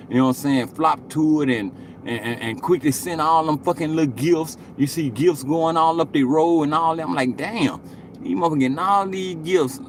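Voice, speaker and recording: A man in his late forties, with a medium-pitched voice and a little hiss or hum on the audio, chats casually with viewers on a live stream. He rambles, curses, and tags most thoughts with "you know what I'm saying."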